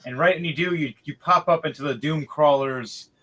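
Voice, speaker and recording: A man running a tabletop game as dungeon master, talking in a somewhat high, bright voice. He rambles, curses freely and tells the action with energy. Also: normal speed, soft background music. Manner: animated, profane, rambling.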